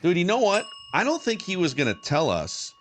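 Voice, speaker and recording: A man's voice: high-pitched, brisk, a little hiss or hum. A man co-hosting a football podcast, his voice rising and falling a lot as he talks. He teases his co-host and keeps the show moving along, sounding both playful and in charge. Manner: teasing, animated, plays straight man to his co-host. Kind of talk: casual chat.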